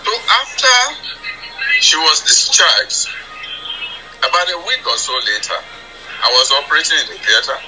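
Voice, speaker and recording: A man with a Nigerian accent, a surgeon, unhurriedly recounting his experience with many pauses over a video call. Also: on the high side, sing-song, sharp tone, faint music behind, low-quality recording.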